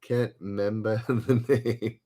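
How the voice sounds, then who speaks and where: A man hosts a live-streamed trivia game in a casual chat, reading every question aloud twice. He is halting and hesitant, often stopping to search for words and using many fillers. His voice is fairly low and dark, with fairly even intonation.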